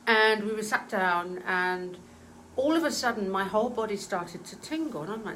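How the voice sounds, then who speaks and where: A woman in her forties recounts a personal story with earnest feeling. Her voice sits at an ordinary middle pitch, and she halts now and then with soft fillers. A faint hiss of noise runs under the recording. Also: poor audio. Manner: earnest, emotional, halting with fillers.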